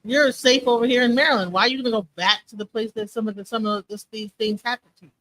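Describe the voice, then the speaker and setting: A woman's voice: fairly high pitch, fairly even intonation, quick pace, a bit bright, poor audio. A woman co-hosting a live commentary stream, talking casually and rambling, often checking in with "you know what I'm saying.".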